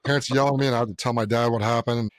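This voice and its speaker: A man's voice: medium pitch, fairly even intonation, racing, no echo, clean studio sound. A young man co-hosting a podcast, talking bluntly and profanely in casual chat and acting out the people in his stories. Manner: blunt, profane storyteller who acts out voices. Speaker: podcast co-host.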